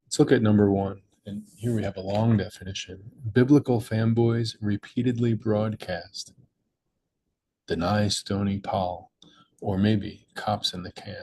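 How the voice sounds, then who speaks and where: A man's voice: fairly low pitch, fairly even intonation, a little slow, darkish tone, slightly rough, rough recording. A young man patiently explaining crossword clues in a tutorial, with small slips and restarts. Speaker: crossword puzzle maker and teacher. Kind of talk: screen-recorded tutorial walkthrough.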